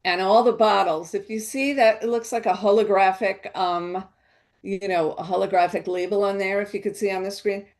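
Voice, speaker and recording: A woman's voice: medium pitch, steady tone, moderate pace, darkish tone. A woman giving an educational wine talk, explaining in a chatty way with restarts.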